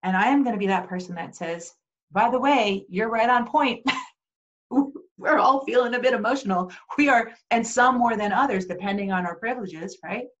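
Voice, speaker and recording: A middle-aged woman speaking earnestly and warmly as an interview guest, with frequent restarts and fillers. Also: mid-range voice, a little fast, highs cut off. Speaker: interview guest, Paralympian and advocate. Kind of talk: casual conversational interview.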